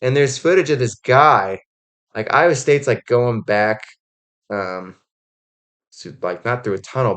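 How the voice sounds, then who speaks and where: Man, lowish voice, casual college football chat, rambling, filler-heavy, animated storytelling. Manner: animated storytelling with acted-out quotes. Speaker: college football podcast host. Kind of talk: casual sports commentary.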